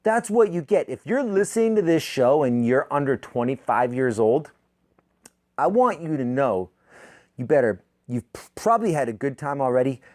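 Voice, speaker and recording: Man in his thirties, podcast host; sardonic profane rant, mid-pitched, spikes upward when heated, dry booth sound. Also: big pitch swings, moderate pace, no echo. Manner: profane, sardonic ranting with sudden loud pitch jumps. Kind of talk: comedic rant monologue.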